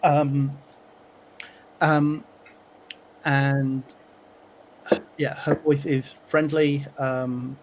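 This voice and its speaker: A man narrating as game master for a tabletop game, halting and full of fillers. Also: medium pitch, level tone, highs cut off, background noise.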